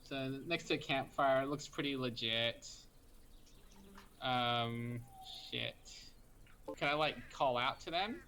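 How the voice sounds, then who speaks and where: A man playing a tabletop game, hesitant and thinking out loud. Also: medium pitch, slow pace, a little hiss or hum. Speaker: player. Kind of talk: casual game play.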